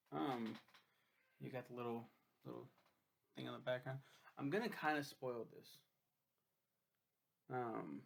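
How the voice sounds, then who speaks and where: A man's voice: medium pitch, steady tone, normal speed, vocal fry, pauses often. A young man reviewing a friend's book in a casual vlog, rambling, cursing freely and poking fun at himself. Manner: rambling, profane, self-deprecating.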